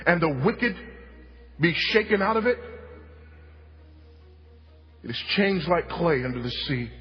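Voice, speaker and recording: A man preaches at an unhurried, weighty pace, repeating his points for emphasis and swinging from hushed to loud. His voice sits a little high for a man. The recording is muffled and lo-fi, with a long reverb trailing off the sanctuary walls and faint music beneath. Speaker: pastor. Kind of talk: sermon. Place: church sanctuary.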